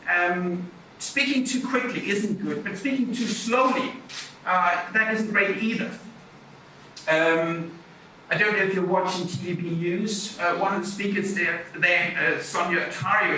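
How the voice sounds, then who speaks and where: A middle-aged man, a university lecturer, talking lively and chatty about public speaking, moving around as he talks. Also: high voice, a little hiss or hum. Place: lecture hall. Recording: echoey hall, mic from far off.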